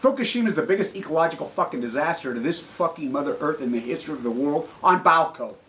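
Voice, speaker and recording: Indignant man, swearing rant delivered in a high, bright, lively voice. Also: fast talker, slight background noise, poor audio. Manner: profane, shouting, fiercely indignant. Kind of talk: angry ranting monologue.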